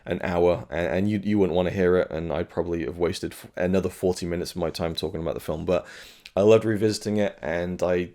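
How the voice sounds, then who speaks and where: A man's voice: low voice, steady tone, quick pace, mellow. A man giving a frank, chatty spoken review of a film release as the host of his own channel. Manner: frank and chatty, with fillers and blunt remarks.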